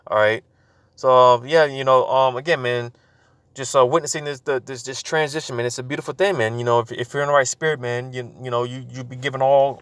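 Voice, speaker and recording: A man's voice: mid-range voice, fairly bright tone, no room sound. Dry-voiced man preaching casually. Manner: informal, many fillers and repeated words. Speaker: religious video host.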